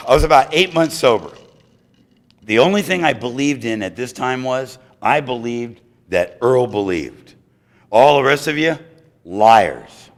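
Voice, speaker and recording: Animated American man telling his story. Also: medium pitch. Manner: animated, acts out voices of others. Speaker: recovery meeting speaker. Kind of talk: storytelling talk at a recovery meeting.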